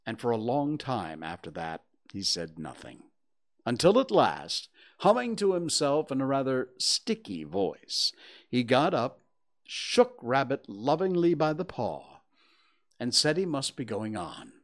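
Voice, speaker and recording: A man reads a children's story aloud at an easy, slow pace. His voice rises and falls widely, gentle and unhurried. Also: mid-range voice, wildly swooping pitch.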